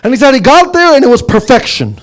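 A man's voice: very high-pitched, big pitch swings, fast. A man preaching a sermon with an impassioned, repetitive cadence. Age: adult with young sons.

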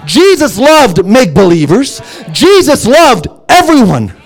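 A man preaching a sermon in a strikingly high voice that leaps up and down with lively melody. His delivery is emphatic, swinging between hushed, low asides and loud, ringing exclamations. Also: a little slow, soft background music.

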